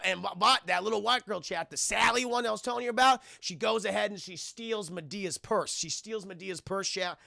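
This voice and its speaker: A man's voice: high-pitched, fairly quick, vocal fry, few pauses, sharp tone, dry recording. A man streamer retelling a film to his chat, casual, profane and rambling, on a close microphone.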